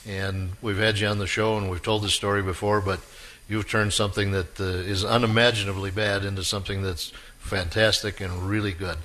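A man hosting a radio interview show, asking encouraging questions with halting fillers. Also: fairly low pitch, flat delivery, fairly bright tone.

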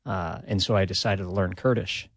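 A man's voice: low voice, moderate pace, vocal fry, breathy edge, dry recording. A man, a retired army officer talking modestly in a radio interview, chuckling often. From Minnesota, USA. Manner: relaxed and modest, chuckles often, many "uh" fillers.

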